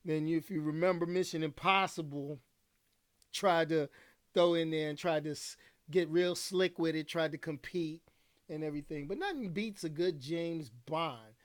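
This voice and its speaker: A man's voice: on the high side, normal speed. A man in his thirties hosting a casual livestream talk show alone, rambling in slangy speech with plenty of filler phrases.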